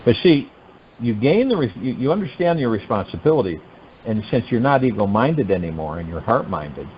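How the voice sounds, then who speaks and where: A man's voice: medium pitch, fairly quick, a little hiss or hum. Man musing aloud on a muffled phone call. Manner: animated, musing, asks rhetorical questions. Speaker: spiritual teacher hosting a meditation call. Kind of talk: spiritual teaching talk. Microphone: telephone conference line.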